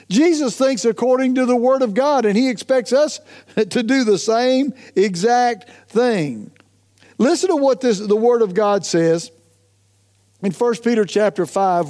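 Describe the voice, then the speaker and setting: A male pastor delivers a sermon in a notably high voice. He is emphatic and insistent, drawing words out slowly when he lands a point, with small stumbles and restarts along the way. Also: mellow. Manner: emphatic, repeats "listen to me", stretches key phrases slowly.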